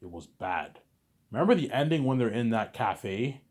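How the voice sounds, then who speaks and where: A man's voice: mid-range voice, very animated, moderate pace, a little mellow. A man vlogger ranting in a casual monologue, repeating himself and swearing freely. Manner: repetitive, profane ranting.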